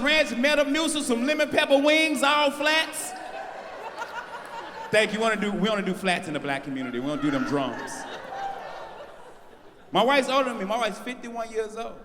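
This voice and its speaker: Brash high-voiced man doing stand-up. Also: noisy background. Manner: brash and punchy, bursts of shouting at punchlines. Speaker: stand-up comedian. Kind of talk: live stand-up with crowd work. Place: large live venue on stage. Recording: live house mix with long hall reverb.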